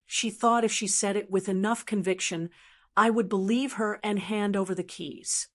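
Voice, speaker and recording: A woman narrating a first-person drama story in a calm, dry, measured way. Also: medium pitch.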